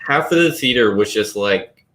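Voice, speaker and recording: A man with a lowish voice tells stories animatedly in a casual chat. The sound carries a noticeable room echo. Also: expressive, moderate pace, fairly bright tone, slight background noise. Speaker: podcast host. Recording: echoey room.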